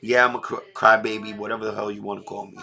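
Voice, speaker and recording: A man's voice: lowish voice, level tone, fast, creaky, sharp tone, soft background music. A middle-aged man talking emotionally on a livestream, blunt and full of street slang. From New York. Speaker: livestream host. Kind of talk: emotional casual livestream talk.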